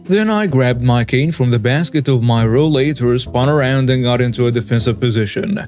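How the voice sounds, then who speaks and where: A man narrating first-person stories as the host of a story channel, reading in a steady scripted way. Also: medium pitch, moderate pace, soft background music.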